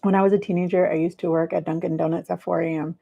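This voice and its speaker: A woman's voice: on the low side, little pitch movement, fast, gravelly. Giggly 40s woman chatting w/ her viewers, bit dull lo-fi sound. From California. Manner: giggly, chatty, laughs often. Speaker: livestream host. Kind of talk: casual livestream chat with viewers.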